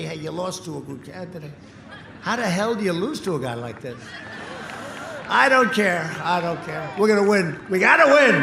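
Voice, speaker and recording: A man giving a campaign rally speech in short, punchy, repeated phrases, sometimes breaking into shouts, recorded outdoors through an echoing PA. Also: high-pitched, noisy background. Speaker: political speaker at a rally. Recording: echoey outdoor PA sound with crowd. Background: cheering crowd.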